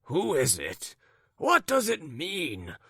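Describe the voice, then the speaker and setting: A man voicing a very tall, haughty gentleman who speaks in a curt, husky voice. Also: on the high side, wildly swooping pitch, slow pace, no room sound, studio quality, voice pushed up, heavily acted. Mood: affronted.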